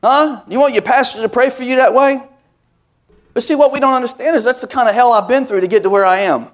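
A man's voice: extremely high pitch, quick pace. A male pastor preaching a sermon, telling folksy stories with call-and-response asides and building into emphatic, repetitive cadences.

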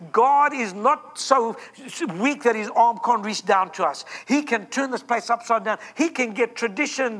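A man preaches a fervent Pentecostal sermon as a guest speaker. His voice sits very high for a man and has a bright, ringing edge. He drives his points home by repeating his lines.

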